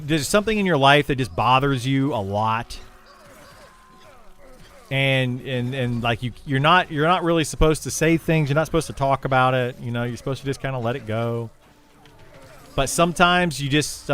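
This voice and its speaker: A man's voice: medium pitch, moderate pace, a bit bright. A young man streaming a game and chatting casually with viewers, rambling with lots of fillers and restarts. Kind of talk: casual livestream chat with viewers.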